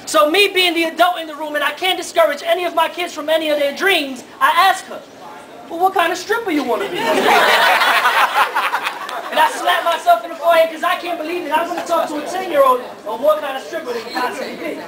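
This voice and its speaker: A man performing spoken word poetry live at a university, rhythmic and dramatic with loud bursts. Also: very high voice, a little fast, distant mic, crowd noise. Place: university hall with audience. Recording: live hall from afar, audience.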